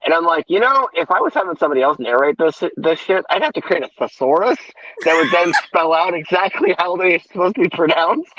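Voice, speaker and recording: A man's voice: on the high side, expressive, a little fast, bright, forceful tone, no room sound. A man, an author, chatting casually in a loose, self-mocking, profane way. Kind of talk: casual chat. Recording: dull lo-fi audio.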